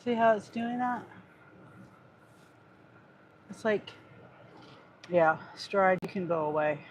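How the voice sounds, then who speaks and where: A gig delivery driver vlogs casually to viewers, sighing and muttering in exasperation because a phone keeps glitching. The voice is mid-range, expressive, and slow, with a little hiss or hum.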